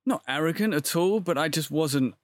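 A man's voice: a little high, expressive, normal speed. A young man talking casually as an interview guest, rambling with many fillers. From England. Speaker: guest, actor.

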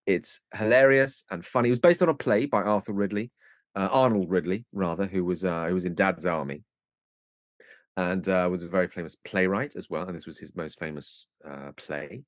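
Very deep-voiced man telling a story. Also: moderate pace, no echo, studio quality. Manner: lively storyteller slipping into comic voices. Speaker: guest actor. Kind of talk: casual podcast chat.

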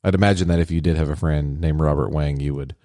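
A man's voice: a bass voice, steady tone, quick pace, mellow, dry recording. A man co-hosting a podcast in casual banter, teasing with dry wordplay. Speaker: podcast co-host.

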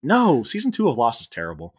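Lively man recapping a movie. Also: medium pitch, fast talker, husky. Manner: animated, laughing retelling of film scenes. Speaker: podcast host. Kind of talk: casual movie recap chat.

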